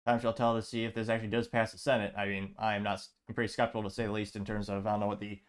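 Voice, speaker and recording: A man's voice: on the low side, flat delivery, racing. Man reading comments with dry asides. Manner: reads quotes aloud with dry asides. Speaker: show host.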